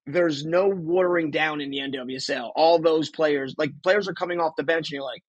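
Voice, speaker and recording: Middle-aged man with a New Jersey accent, somewhat high, husky voice, dry close sound, rambles in a sports chat. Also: steady tone, brisk, dry recording, lo-fi sound. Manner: rambling, repeats words. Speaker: podcast co-host.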